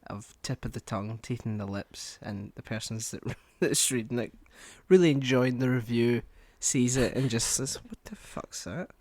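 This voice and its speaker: A young man from Scotland with a Scottish accent, co-hosting a podcast in casual chat, deadpan and wry, swearing freely. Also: medium pitch, normal speed, few pauses, no room sound. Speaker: podcast co-host.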